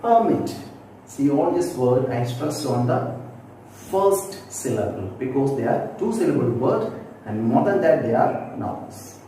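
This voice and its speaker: In a very echoey room with a distant mic and faint background noise, a man teaches a classroom-style lesson, patiently explaining and repeating example words aloud for practice. His mid-range voice is warm, very animated, and a little slow.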